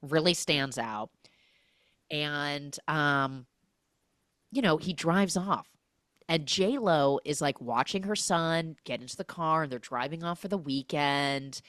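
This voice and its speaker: A woman hosting a podcast, recapping a movie in an animated, gossipy way full of 'like'. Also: sits low, slow, no echo, clean studio sound. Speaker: podcast host.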